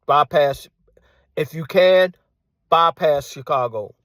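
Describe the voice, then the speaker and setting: A man delivering a combative monologue, repeating his phrases and firing off rhetorical questions, sometimes dropping to a hushed tone. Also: a little high, measured pace, pauses often, no room sound, clean studio sound. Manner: drops to hushed tone at times. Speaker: commentator. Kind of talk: ranting monologue.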